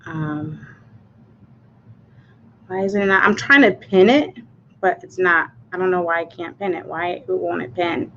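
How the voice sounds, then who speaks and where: A woman's voice: lowish voice, a little slow, long pauses, a bit bright, highs cut off, slight background noise. A woman hosting a casual personal livestream. She talks in a chatty, rambling way with many fillers and restarts, and her voice sounds anxious and cracks. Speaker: livestream host.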